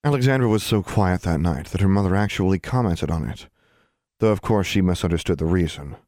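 A man narrating an audiobook in a measured storytelling manner. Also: deep voice, darkish tone, dry recording, studio quality. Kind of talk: scripted narration.

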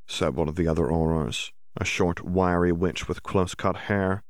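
A man narrating a story as an audiobook reader, in even, steady storytelling. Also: deep voice, normal speed, no room sound, clean studio sound. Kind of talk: scripted narration.

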